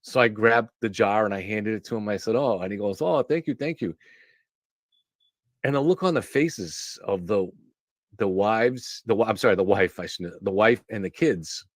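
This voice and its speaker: A man with a lowish voice rambles through a story on a live stream, restarting sentences and drifting into asides. The sound is close and dry, with no room echo. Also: moderate pace. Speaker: show host. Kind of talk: casual monologue on a live stream.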